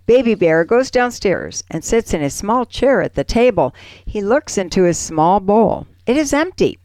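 A woman's voice: mid-range voice, very animated, moderate pace, a little mellow, dry recording. A woman co-hosting a small radio program, reading stories aloud expressively. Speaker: radio co-host. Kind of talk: radio show chat and reading.

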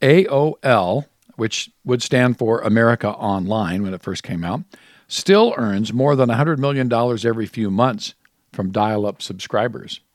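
A man co-hosts a relaxed talk show, reading out odd facts in a chatty way and laughing along. His voice sits at an ordinary pitch, recorded close and dry. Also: normal speed, dry recording. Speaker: co-host. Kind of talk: casual radio chat reading trivia.

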